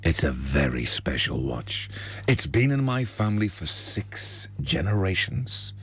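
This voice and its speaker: A man playing a theatrical stage hypnotist, with a low, soothing, showy delivery. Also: sing-song, a little slow, fairly bright tone, husky, exaggerated voice. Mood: grand. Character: theatrical male stage hypnotist, calm and grand.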